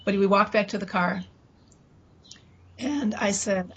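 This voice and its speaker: Telling an interviewer about something that happened to her, a woman stops and restarts and quotes what people said, with faint background noise. She has a mid-range, fairly bright voice that is steady and creaky.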